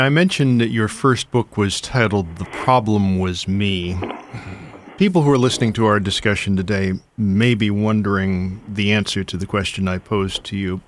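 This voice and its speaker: Radio host: man, calm and attentive, low-pitched, slight hiss behind. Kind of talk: radio interview.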